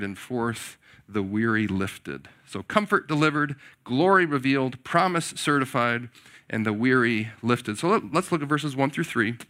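A man's voice: medium pitch, bright, forceful tone. A man preaching a sermon, earnest and repeating key words for emphasis. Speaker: pastor.

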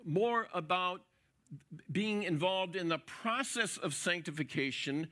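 Male preacher, expository sermon, emphatic repetition, bright tone. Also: high-pitched, a little slow. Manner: emphatic, repeats words for stress; encouraging, coach-like.

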